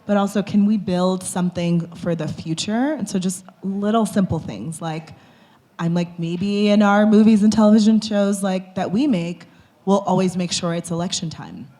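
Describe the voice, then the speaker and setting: A woman's voice: mid-range voice, normal speed, warm tone. A woman speaking as a panelist in a casual discussion, chatty and loose with lots of filler words. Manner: conversational, many fillers like "like" and "you know".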